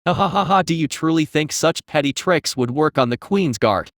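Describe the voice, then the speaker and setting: Zealous creature leader, voiced by a man, cackling, fanatical, slightly high, dry recording. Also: lively intonation, moderate pace, no room sound, close to an everyday voice. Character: grotesque fanatical burrowing creature leader, male.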